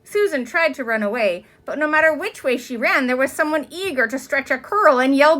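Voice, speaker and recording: A woman's voice: sits high, lively intonation, moderate pace, hardly any pauses, a bit bright. A woman reading a children's book aloud, with chatty asides to young listeners.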